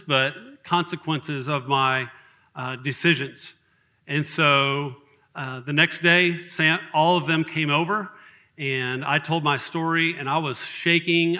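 A middle-aged man sharing a personal testimony in an earnest, halting way, with frequent restarts. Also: fairly high pitch, pushed and bright. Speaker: church member giving testimony.

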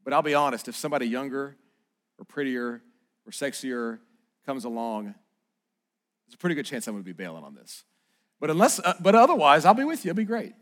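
A pastor in his thirties delivers a sermon to his congregation, moving between casual, joking asides and loud, emphatic points. His voice sits at an ordinary middle pitch for a man. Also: brisk, long pauses. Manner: conversational, animated preaching with rising emphasis; playful asides and mock quotes to the audience.

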